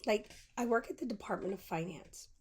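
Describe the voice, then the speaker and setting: A woman's voice: mid-range voice, a little fast, husky. A woman podcast host telling a personal story in a candid monologue, acting out both sides of the conversations she recounts.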